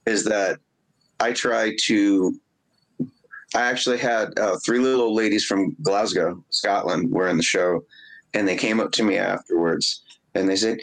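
Interview guest, male, lowish voice, animated anecdotes, occasional put-on Scottish brogue. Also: a little slow, poor audio. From Indianapolis, USA. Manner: animated storyteller, laughs often, slips into a Scottish brogue. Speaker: guest musician and actor. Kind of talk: casual interview chat.

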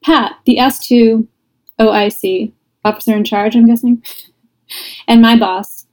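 A woman's voice: fairly high pitch, a little mellow, low-quality recording. A woman podcast host reading listener ghost stories aloud, breaking off for laughing asides.

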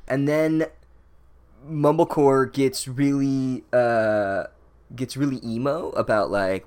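A man's voice: medium pitch, steady tone, slow, a little mellow, clear, resonant tone. A man giving a rambling, sarcastic and profane comedic recap of a book, full of fillers.

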